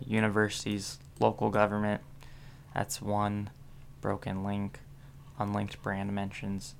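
Sleepy, gravelly young man reading aloud. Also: lowish voice, a bit bright. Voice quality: gravelly fry. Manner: reads aloud and skims, with many ums and asides. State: sleepy, yawning. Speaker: solo vlogger reading about link building. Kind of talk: casual read-aloud commentary.

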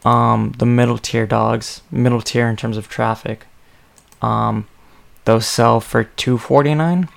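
Male podcast host, drowsy, flat and unhurried, thinks aloud with fillers. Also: medium pitch, vocal fry. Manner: rambling, thinking aloud with many ums. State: sleepy, yawning. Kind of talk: casual solo podcast talk.

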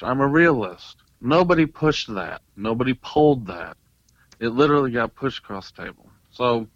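A man, a paranormal investigator and tattoo artist, animated and excitable, telling a story in casual chat with lots of fillers. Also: medium pitch, gravelly, no room sound, lo-fi sound.

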